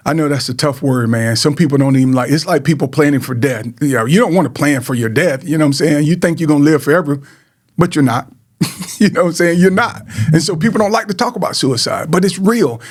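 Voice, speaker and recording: A middle-aged man from Georgia telling a personal story in an earnest, repetitive way, often calling to his listeners. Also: medium pitch. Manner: earnest, repeats words, addresses listeners as man and guys. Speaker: host sharing personal story. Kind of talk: emotional personal testimony.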